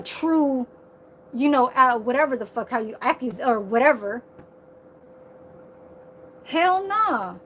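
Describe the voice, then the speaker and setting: A woman talking straight to her phone camera in a casual, animated rant, swearing a lot and filling her talk with "like" and "you know". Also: high-pitched. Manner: animated, heavy profanity, lots of filler. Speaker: vlogger.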